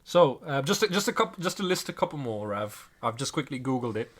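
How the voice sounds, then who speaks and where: In a casual podcast conversation, a young male co-host with a medium-pitched, breathy-edged voice talks briskly, laughing and ranting in an animated, incredulous way.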